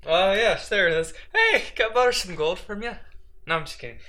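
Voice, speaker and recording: Brief: young man, playful tabletop player, sharp bright tone. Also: high-pitched, expressive, a little fast. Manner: playful, joking. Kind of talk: casual chat at a tabletop game.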